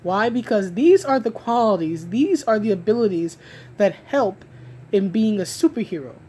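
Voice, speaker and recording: Woman ranting about comics at home, average pitch, lots of repeats and restarts, faint room hum. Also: lively intonation, moderate pace, darkish tone. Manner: emphatic, repeats herself and restarts often. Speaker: comic book commentator. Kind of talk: opinionated solo rant.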